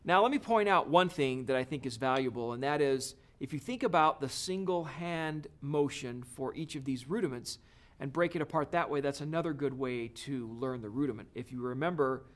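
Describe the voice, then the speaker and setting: A man's voice: mid-range voice, normal speed. A man teaching a drum lesson, explaining each step in an encouraging way. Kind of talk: video lesson.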